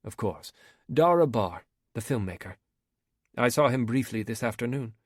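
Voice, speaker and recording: A man's voice: medium pitch, animated, normal speed, no echo, clean studio sound, natural voice. A man reading an audiobook, voicing a bold young woman filmmaker who asks direct, eager questions. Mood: curious.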